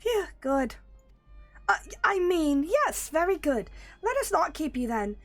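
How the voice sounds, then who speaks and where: A woman voicing a small, fussy rabbit creature from a game, in a high-pitched, overly polite voice. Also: sing-song, a little slow, faint music behind, heavily acted. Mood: relieved. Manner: prim, overly polite phrasing.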